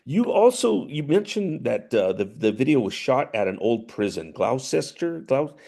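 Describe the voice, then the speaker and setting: A man hosting a podcast, asking casual interview questions in a halting way. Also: mid-range voice, big pitch swings, gravelly, mellow. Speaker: podcast host.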